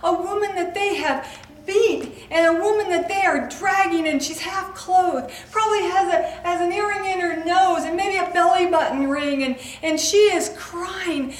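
A woman preacher in an impassioned sermon, swinging between loud outbursts and near whispers. Her high voice rings through an echoey room, caught from a distance with faint ambience behind. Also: a little slow, hardly any pauses. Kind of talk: dramatic sermon to a women's audience.

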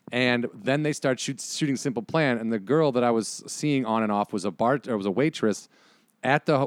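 A man in his forties chats casually on a podcast in a mid-range voice, recorded with no echo. He's an animated storyteller who performs the quotes he relays.

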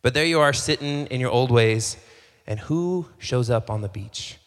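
A man's voice: mid-range voice, normal speed. Male pastor preaching in a reverberant hall. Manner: conversational, acts out dialogue, repeats phrases. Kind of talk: sermon. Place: church hall.

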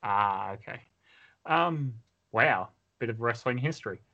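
A man's voice: medium pitch, animated, a little slow, sharp tone, lo-fi sound. A man co-hosting a casual wrestling podcast, moving the talk along and asking questions. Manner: steers the talk, asks questions. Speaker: podcast co-host.

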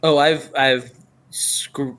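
A man co-hosting a podcast, chatting casually in a halting way, with many fillers. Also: medium pitch, fairly even intonation, a bit bright. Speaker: podcast co-host. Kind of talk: casual chat.

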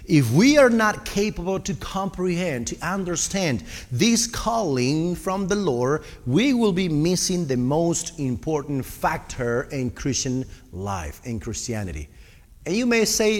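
A man's voice: on the high side, big pitch swings, a little slow, in a large hall. A man preaching a sermon with personal testimony, earnest and speaking straight to the congregation. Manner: earnest, addresses the congregation directly.

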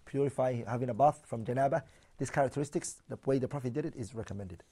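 Speaking fast in a mid-range voice that's mellow with a slight roughness, an Islamic teacher works through a religious lesson one point at a time. He reads and explains each, moves between Arabic and English readings, and frequently quizzes his audience.

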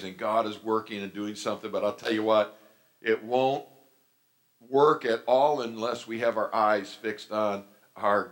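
An older man preaching a sermon, telling his own story with fervent, sudden loud outbursts. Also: lowish voice. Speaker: pastor.

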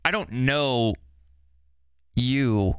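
A man with a smooth, resonant, mid-range voice asks gentle, probing questions on a church podcast. The sound is close and dry. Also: mid-range voice, animated, very slow, no room sound. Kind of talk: casual church podcast discussion.

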